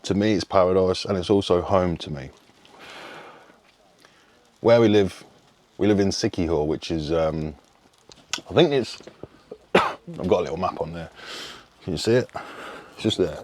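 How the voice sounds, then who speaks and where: A man's voice: low voice, unhurried, long pauses, a little mellow. A man, chatting casually to camera as a fitness coach, rambling and swearing freely. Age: 30s. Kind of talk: casual vlog chat.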